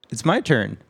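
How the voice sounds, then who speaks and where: A man's voice: a little high, gravelly, breathy edge. A man co-hosting a casual film podcast, loose and joking, swearing freely as he talks. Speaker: podcast co-host.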